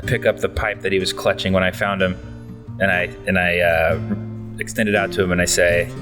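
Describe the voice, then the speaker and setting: A man playing a tabletop game, describing his character's actions in a measured, matter-of-fact way. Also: sits low, little pitch movement, music in the background. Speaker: player.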